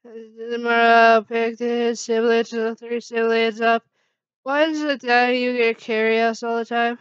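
A woman reads a fan story aloud at an unhurried pace, her voice very smooth and clear, stumbling and restarting now and then. Her pitch sits a bit high but stays flat, and the sound is dull and lo-fi. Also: no room sound. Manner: halting reading with slips and restarts. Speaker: fan fiction reader.

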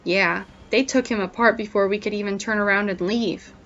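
A woman's voice: medium pitch, fairly even intonation, moderate pace, fairly bright tone, lightly acted. A woman voicing a fearful leafcutter ant with a quavering voice, on a dull lo-fi recording. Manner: quavering, howling.

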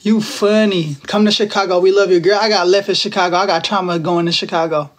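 High-voiced playful young man on a livestream. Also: fairly even intonation, fairly quick. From Texas. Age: 20s. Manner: playful, teasing, slangy banter. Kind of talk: casual live-stream chat with viewers.

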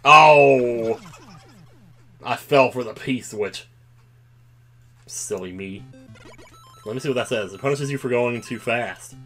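Excitable man playing a platform game. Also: mid-range voice, unhurried, long pauses, faint music behind. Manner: excitable, swings to loud outbursts. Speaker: let's play gamer. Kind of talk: casual gameplay commentary.

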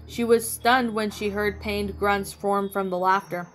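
A woman reads a fan story aloud in a mid-pitched, plain narrating voice. She trips over a word now and then, and faint background music plays. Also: steady tone, a little slow, few pauses. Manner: plain reading with small slips. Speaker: story reader. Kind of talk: reading fan fiction aloud.

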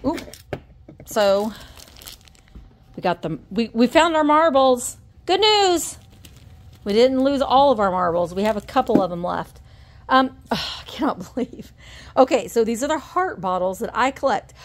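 A woman's voice: on the high side, lively intonation, measured pace, pauses often, slight background noise. Chatty woman gushing over finds. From Indiana. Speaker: antique shop owner and reseller vlogger. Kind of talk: casual show-and-tell vlog.

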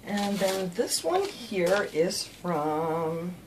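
A woman's voice: on the low side, very animated, drawn-out words, background noise. Chatty woman gushing over fan mail. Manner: gushing and chatty, thanking viewers by name. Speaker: craft channel host. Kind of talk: casual chat, opening mail. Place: home craft room.

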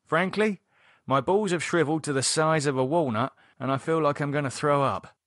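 A man's voice: fairly high pitch, normal speed, no room sound, studio quality, voice pushed up, close to an everyday voice. A man voicing a blunt, sardonic man who swears casually while preparing a grim ritual. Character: edgy blunt man reviving a vampire.

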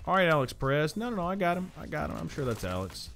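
A man streaming a live game, chatting with his viewers and reacting quickly and excitably to the action. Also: fairly high pitch, slight background noise. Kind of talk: live gaming commentary. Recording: game music and gunfire in the mix. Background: game music and gunfire.

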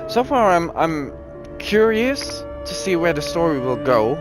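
A man's voice: a little high, sing-song, measured pace, music in the background. A young man commentating while playing a horror game, nervous and talking to himself, with sudden yelps and swearing. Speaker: gaming streamer.

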